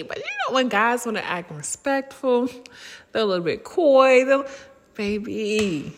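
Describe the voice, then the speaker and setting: A woman in her thirties talking casually to viewers, bawdy and laughing, with drawn-out swooning sighs. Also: mid-range voice, fairly bright tone, big-room sound. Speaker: vlogger. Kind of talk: casual monologue.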